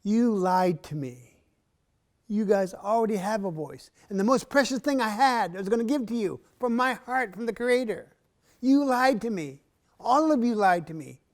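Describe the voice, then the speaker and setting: A man voicing an indignant male spirit bird who accuses people loudly, in an arts center performance space. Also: high voice, expressive, normal speed, voice pushed up. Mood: angry, betrayed. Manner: accusing, rising to loud outbursts.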